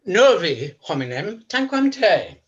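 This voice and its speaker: A woman's voice: fairly low pitch, very animated, measured pace, highs cut off. A woman playing a lofty, pedantic male schoolmaster in a live online Shakespeare performance, with pompous speech sprinkled with Latin.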